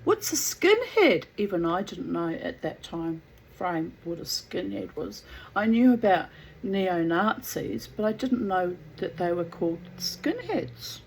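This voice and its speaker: A woman telling a family anecdote in a casual, animated way, laughing often as she goes. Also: on the low side, a little slow, gravelly, slight background noise, poor audio. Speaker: storyteller.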